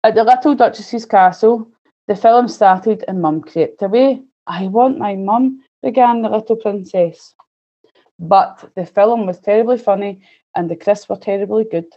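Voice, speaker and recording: A woman presenting a children's session and reading a storybook aloud in a clear, gently expressive manner. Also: mid-range voice, normal speed, dull audio. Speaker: early years student presenter.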